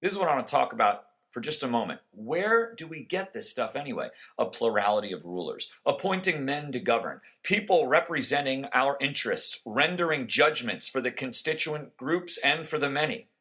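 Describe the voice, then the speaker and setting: A man's voice: mid-range voice, big pitch swings, moderate pace, few pauses, bright, forceful tone. A man hosting a conservative political talk show, giving an emphatic, sarcastic monologue.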